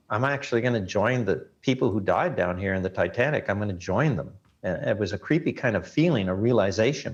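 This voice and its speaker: A man being interviewed as a guest, earnestly recounting a personal ordeal and letting his voice sink low at the grim parts. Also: vocal fry, muffled recording. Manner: earnest storytelling, voice drops low at grim moments. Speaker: guest, reporter.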